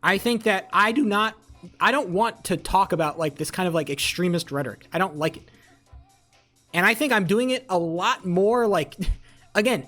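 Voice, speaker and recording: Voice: mid-range voice, animated, moderate pace, a bit bright, soft background music. Heated, profane live streamer ranting. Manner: heated, profane, repeats phrases for emphasis; talks back to chat messages. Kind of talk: casual live-stream political rant.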